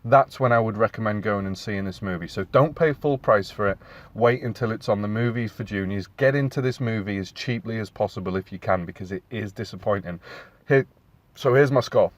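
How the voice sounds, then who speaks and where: A man's voice: fairly low pitch, brisk. A man in his thirties giving a casual, rambling film review as a podcast host, with many fillers and restarts. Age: 30s.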